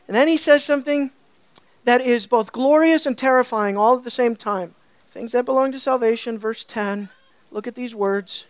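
A man's voice: very high voice, moderate pace, clear, resonant tone, dry recording. A man preaching an expository sermon, earnest, often asking the congregation questions and repeating phrases.

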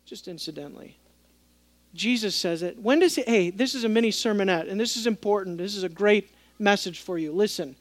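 A man preaching a sermon as pastor, swinging between quiet asides and raised, emphatic passages, asking the congregation questions and speaking in the voices of people from the text. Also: high voice, brisk, no echo. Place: church.

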